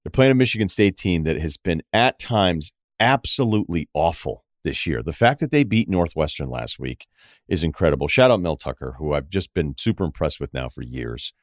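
A middle-aged man from Massachusetts hosts a sports talk podcast in a loose, profane, conversational way. His voice sits very low, and the recording is dry and close, with no room sound. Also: sing-song, no echo. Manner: conversational, profane, quick asides. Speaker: podcast host. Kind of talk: casual interview and sports talk.

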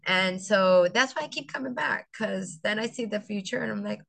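A middle-aged woman with a bright, forward voice tells a heartfelt story about a student. She slips into her students' voices as she quotes them and turns tearful at times. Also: medium pitch, moderate pace, creaky. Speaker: veteran teacher, guest. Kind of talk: emotional personal storytelling.

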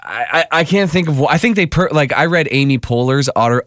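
A man co-hosting a radio show, playful and quick to laugh, joking about accents. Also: on the high side, a bit bright, dry recording, studio quality. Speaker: radio co-host. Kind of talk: morning radio banter. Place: radio studio.

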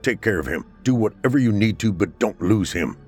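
A man voicing a calm, smiling man in a suit who reassures a wounded doctor in a horror story. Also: lowish voice, fairly quick, soft background music, lightly acted.

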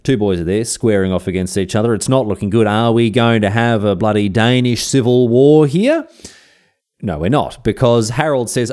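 A man's voice: on the low side, moderate pace, a little mellow. An Australian man hosting a history podcast, telling the story in a chatty, slangy way. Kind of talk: casual history narration.

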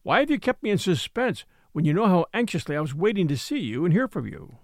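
A man's voice: high voice, big pitch swings, fast, no room sound, clean studio sound. A man reading a story, voicing an ardent, masterful man courting a young woman. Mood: pleading. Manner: earnest and pleading, then stern.

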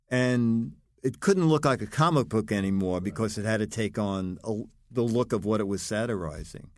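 An older man, a guest in casual chat, telling lively anecdotes. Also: mid-range voice, normal speed, dry recording, studio quality. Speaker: guest, comedy writer.

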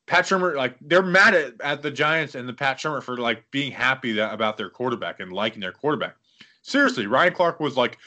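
A man hosting a casual football talk show, breaking down stats and then ranting with lots of fillers. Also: medium pitch. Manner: animated, ranting with many fillers. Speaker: football podcast host. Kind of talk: casual sports commentary.

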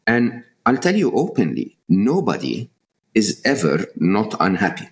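A man's voice: on the low side, wildly swooping pitch, unhurried. A middle-aged man speaking as a podcast guest, emphatic and repeating words for stress. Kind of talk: animated interview talk.

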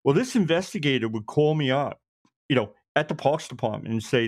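A man, a retired police officer telling lively stories and acting out the lines of the people in them. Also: mid-range voice, brisk. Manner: animated, acts out others' lines in quotes. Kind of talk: anecdotal storytelling.

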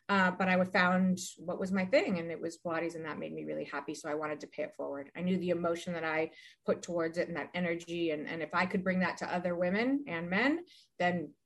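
A woman in her forties, a podcast guest chatting casually and telling rambling, animated stories with many restarts. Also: on the low side. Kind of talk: casual chat.

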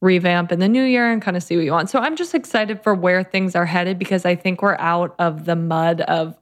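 A woman's voice: on the low side, brisk, few pauses. A young woman guest on a podcast, chatting casually and candidly about her online business, with casual swearing. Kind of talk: casual chat.

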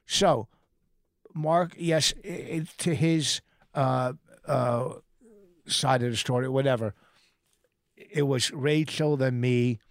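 A man's voice: medium pitch, slow pace, pauses often, no echo. A male comedian co-hosting a podcast, swearing and talking over his co-host as he insists on finishing his story. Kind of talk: argumentative podcast banter.

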